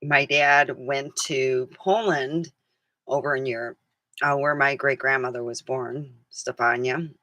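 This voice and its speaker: Middle-aged woman vlogger, chatty and rambling, laughs a lot, bright voice on a dry recording. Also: a bass voice, steady tone, measured pace, no room sound. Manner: chatty, laughs often, acts out quotes. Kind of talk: casual rambling chat.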